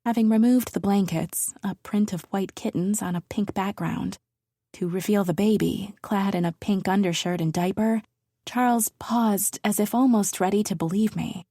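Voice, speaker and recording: Female first-person thriller narrator, measured and intimate, dark soft tone, dry booth sound. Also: mid-range voice, steady tone, no room sound. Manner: measured, intimate, dropping into whispers. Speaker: audiobook narrator.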